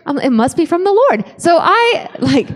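A woman speaker giving a humorous faith testimony, animated and self-mocking, acting out the voices in her story. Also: very high-pitched, normal speed, in a large hall. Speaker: conference speaker.

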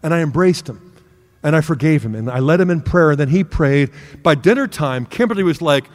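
A middle-aged man preaches to a room in an earnest, storytelling way, acting out bits of family dialogue. His voice sits a little high for a man. Long reverb from the hall trails after each phrase. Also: animated, brisk. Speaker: speaker giving a talk. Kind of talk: sermon-style talk with personal story.

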